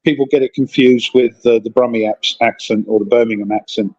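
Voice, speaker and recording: A man's voice: mid-range voice, steady tone, a little fast, darkish tone, muffled recording. A man in casual chat, telling rambling stories while calling in from a convention hotel. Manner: rambling, chatty storytelling.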